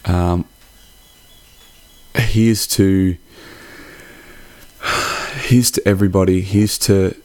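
A man's voice: low voice, steady tone, very slow, pauses often, mellow, no room sound. A young man hosting a podcast. He gives a casual, heartfelt holiday sign-off that rambles and swears freely. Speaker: podcast host.

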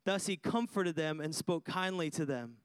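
A man's voice: on the high side, normal speed, smooth, dry recording. A man preaching a sermon, emphatic, repeating phrases for effect and putting questions to his listeners. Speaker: pastor.

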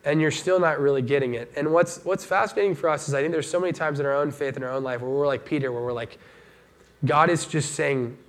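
Preaching in a relaxed, chatty style, this man animatedly performs the voices of those he quotes. He has a mid-range voice and talks fairly quickly.

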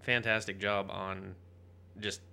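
A man's voice: deep voice, level tone, slow pace, gravelly, bright, forceful tone. A man co-hosting a podcast, chatting casually about comic books in a rambling, profane, joking way. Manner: rambling, profane, jokey, bursts into mock voices. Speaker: podcast co-host. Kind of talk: casual comic book chat.

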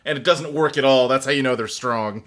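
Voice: medium pitch, brisk, fairly bright tone. A podcast co-host commenting on scenes in giggly casual chat.

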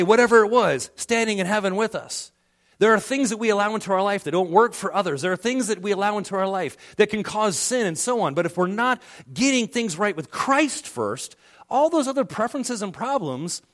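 A middle-aged male pastor delivers a sermon in a conversational way. His voice sits slightly high and rises and falls in a lively, animated way. He briefly acts out the people he quotes.

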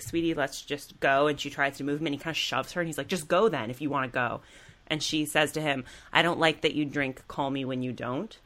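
A woman's voice: low voice, bright, forceful tone. A woman co-hosting a podcast, chatting casually and animatedly retelling TV scenes. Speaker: podcast co-host. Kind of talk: casual chat.

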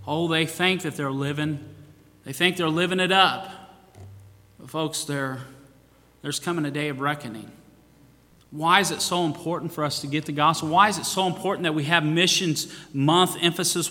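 Man, pastor, sermon, bright forceful voice, long church reverb. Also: fairly high pitch, moderate pace. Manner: preaching with rising emphasis and scripture quotes.

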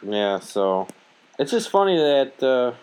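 A man's voice: medium pitch, sing-song, takes it slowly, darkish tone, a little hiss or hum. A young man hosting a podcast, joking around crudely and swearing freely. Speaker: podcast host. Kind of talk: casual podcast banter.

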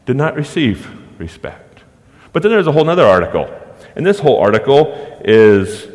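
A pastor preaching from the pulpit with a lowish male voice. He leans on rhetorical questions and lets dramatic pauses hang, his words trailing off into the long reverb of a large hall. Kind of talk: sermon.

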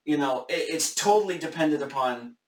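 A man's voice: on the high side, expressive, a little fast, reverberant, far from the mic. A man hosting a casual Bible study discussion live on camera, thinking aloud with hesitant restarts.

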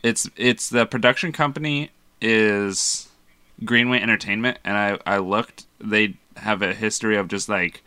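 A young man with a fairly low voice and a bright, forceful edge, heard close and dry. He rambles through his thoughts on a movie podcast, swearing and restarting his sentences. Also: fairly even intonation, measured pace, smooth, no echo. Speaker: podcast co-host. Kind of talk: casual chat.

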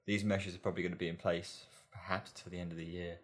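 A man's voice: sits low, flat delivery, fast talker. A man co-hosting a podcast, chatting casually and musing in a hesitant way that repeats words. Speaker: podcast co-host. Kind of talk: casual chat.

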